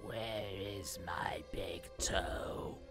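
A man voicing a groaning, unseen ghoul that hunts for its lost toe. It speaks in a slow, gravelly whisper that stretches every word out. Eerie music plays underneath. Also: fairly low pitch, fairly even intonation. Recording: music behind the voice.

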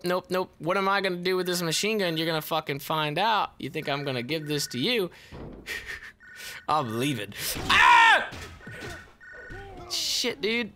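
A young man doing casual gameplay commentary, excitable and swearing a lot, yelling at the game. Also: fairly high pitch. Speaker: let's play host.

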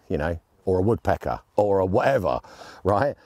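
Lively, mellow-voiced chatty man. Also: fairly low pitch, fast talker, dry recording, studio quality. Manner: chatty, jokey and enthusiastic. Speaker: airgun gear reviewer. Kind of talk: casual gear review. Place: outdoors on shooting land.

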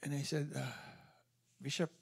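A man giving an animated testimony at a church service, telling his story with quoted dialogue. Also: a little high, normal speed, vocal fry, slightly rough.

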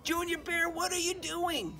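A man voicing a carefree beaver who coaxes a friend to stop working and play, in a high, breezy voice. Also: steady tone, unhurried, sharp tone, soft background music, full character voice. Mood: coaxing. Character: carefree playful beaver, coaxing.

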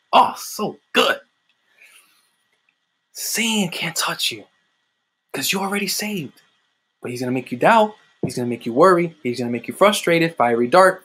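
A man delivers a livestreamed sermon into his laptop. His voice sits a bit high and sounds husky. He preaches fervently and conversationally, circling back to the same refrains again and again. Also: a bit bright. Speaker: street-style online preacher.

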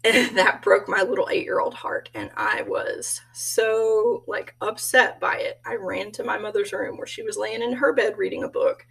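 A woman's voice: medium pitch, animated, moderate pace, gravelly, hardly any pauses, fairly bright tone, husky, recorded from a distance, low-quality recording. A woman giving a casual self-introduction as a graduate student, telling stories in a chatty way and laughing often.

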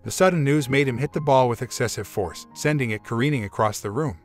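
A man narrating a first-person relationship story in a steady, wry storytelling manner. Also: mid-range voice, fast. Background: faint music.

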